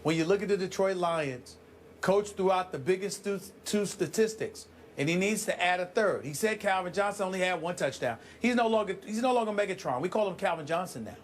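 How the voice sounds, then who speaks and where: A man's voice: high-pitched, expressive, brisk, a little hiss or hum. A man co-hosting a sports debate show who talks in an emphatic, dramatic way and repeats lines for effect.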